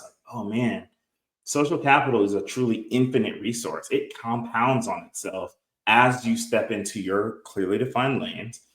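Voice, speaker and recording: A man's voice: fairly low pitch, fairly bright tone. Reflective man in an echoey room. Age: 30s. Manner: reflective, earnest, quotes others in quick bursts. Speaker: guest entrepreneur. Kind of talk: conversational podcast interview.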